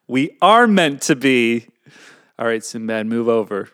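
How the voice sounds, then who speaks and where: A man's voice: mid-range voice, animated, slow pace, fairly bright tone, clear, resonant tone, no echo. Playful male podcast co-host in a dry room. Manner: playful, jokey, wandering anecdotes with many fillers. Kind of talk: casual chat.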